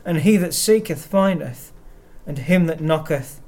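A man giving a sermon, speaking in a measured way and reading verses aloud. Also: on the high side, warm tone. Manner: slow, measured delivery with verses read aloud. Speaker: preacher.

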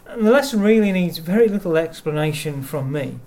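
A man giving a sermon, speaking in a measured way and reading verses aloud. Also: a little high, animated, mellow. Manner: slow, measured delivery with verses read aloud. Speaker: preacher.

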